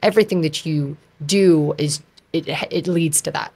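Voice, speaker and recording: A woman in her thirties, a podcast guest, talking in a chatty, animated way with lots of fillers. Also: low voice, normal speed, husky. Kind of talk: casual conversation.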